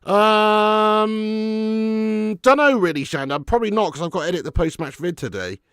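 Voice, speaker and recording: A man hosting a live match watch-along, chatting excitedly with viewers and calling them mate and lad. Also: on the high side, very fast, no room sound, clean studio sound. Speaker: fan channel host doing a live match watch-along. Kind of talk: casual live-stream commentary and chat.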